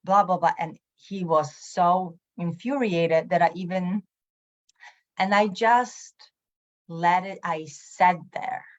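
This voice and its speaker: A woman casually telling a personal story on a video call, talking quickly and acting out the voices of the people she quotes. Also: fairly low pitch, highs cut off. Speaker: live Q and A participant.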